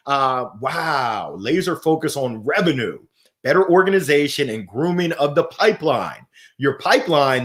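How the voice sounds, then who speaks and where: A middle-aged man hosting a live motivational stream, reading viewer comments aloud in an upbeat, animated way. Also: mid-range voice, moderate pace. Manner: upbeat and animated, swinging from soft to loud. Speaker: host of a weekly motivational livestream.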